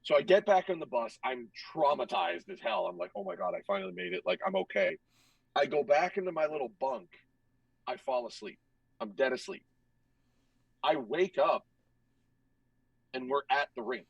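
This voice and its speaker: A young man with a slightly high, gravelly voice tells a story in a loose, animated way, swearing freely and acting out other people's lines. He sounds a little distant from the mic, in a dry room with no echo. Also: normal speed, lo-fi sound. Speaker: hockey goaltender guest. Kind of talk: casual storytelling.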